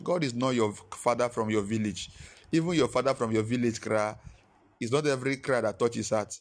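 A male pastor delivering a sermon. His voice sits at a middle pitch, and he drives points home through repetition. The talk is emphatic and teaching in tone. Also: fairly quick.

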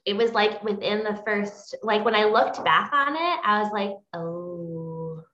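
A woman's voice: mid-range voice, normal speed, sharp tone, reverberant, highs cut off. A woman co-hosting a casual book podcast, easygoing and agreeable as she talks. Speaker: podcast co-host. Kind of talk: casual book-club chat.

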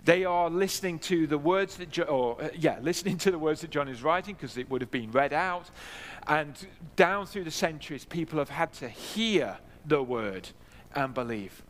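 A man's voice: on the high side, expressive, moderate pace. A man preaching a sermon in a church, earnest, repeating key phrases for emphasis. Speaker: pastor. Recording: long hall reverb.

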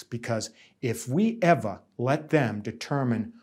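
A man's voice: mid-range voice, moderate pace, darkish tone, husky. A middle-aged man, a union negotiator giving earnest, emphatic interview testimony and often repeating words.

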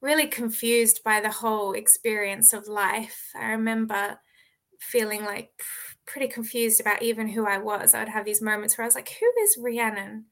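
A woman's voice: a little high, little pitch movement, normal speed, a bit bright. A young Australian woman, an author being interviewed, who talks in a bubbly way and laughs often. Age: young adult. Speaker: author and guest. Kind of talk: casual interview.

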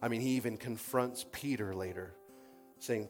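A man preaching a sermon in an animated storytelling way, acting out quoted voices and swinging from loud bursts to quiet passages. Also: medium pitch, moderate pace, faint music behind.

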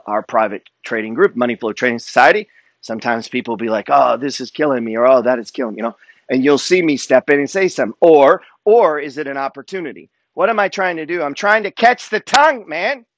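A man's voice: medium pitch, fairly bright tone, no echo. A man giving a motivational monologue as a wealth and trading coach, emphatic and preacher-like, swearing freely.

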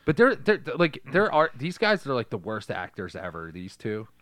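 A man's voice: medium pitch, wildly swooping pitch, moderate pace, dry recording. A man co-hosting a casual movie review podcast, swearing and talking loosely. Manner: swearing, mimics actors in loud silly voices. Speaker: podcast co-host.

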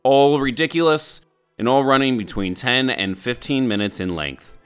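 A man's voice: medium pitch, moderate pace, a bit bright, smooth, soft background music. A man hosting a podcast, reading an upbeat scripted introduction. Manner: upbeat, announcing. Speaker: podcast host, artistic director.

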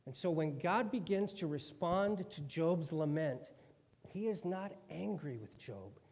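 A man's voice: on the high side, animated, a little slow, a little mellow. Man preaching in a reverberant hall. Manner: conversational, acts out quoted voices. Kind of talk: sermon.

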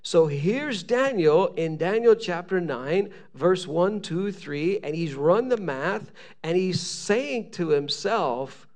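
A man preaching a sermon as pastor, reading scripture aloud with animated, rising emphasis. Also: high voice, takes it slowly.

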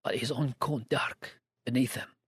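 A man voicing a bleary, furtive old Scottish man who speaks in hushed, wheedling dialect, with a slightly husky, dry sound. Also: medium pitch, fairly even intonation, unhurried, dry recording. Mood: ominous.

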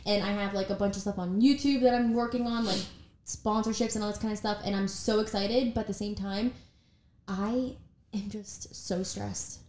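A woman's voice: medium pitch, fairly even intonation, moderate pace, a little mellow, a little hiss or hum. A young woman and YouTuber chatting casually and telling dramatic, rambling stories. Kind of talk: casual chat. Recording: roomy echo.

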